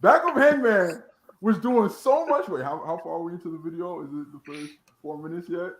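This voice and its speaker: A man's voice: high-pitched, expressive, brisk, a crowd in the background, rough recording. A man hosting a podcast in a casual chat, teasing and joking with a profane streak. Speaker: podcast host.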